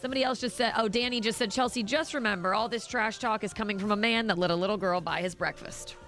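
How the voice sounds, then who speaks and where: A woman's voice: medium pitch, fast talker, a bit bright, soft background music. A woman co-hosting a morning radio show, exasperated and self-deprecating as she reads listener texts aloud.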